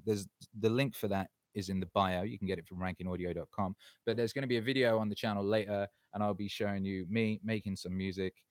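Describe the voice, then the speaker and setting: A man's voice: fairly low pitch, no echo. A man hosting his own live stream, swearing a lot and swinging between heated ranting and cheerful chat with viewers.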